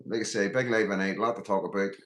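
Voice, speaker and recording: A man's voice: on the low side, fairly even intonation, fast, a bit bright, a little hiss or hum. A middle-aged man, livestreaming, a bit groggy, greeting viewers by name and bluntly calling out his critics. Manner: blunt and combative, calling people out. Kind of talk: casual livestream talk, reading out the chat. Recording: roomy echo.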